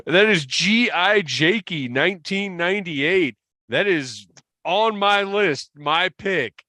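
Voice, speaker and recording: A man co-hosting a podcast in casual chat, animated and quick to exclaim. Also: high voice, no echo, studio quality. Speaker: podcast co-host.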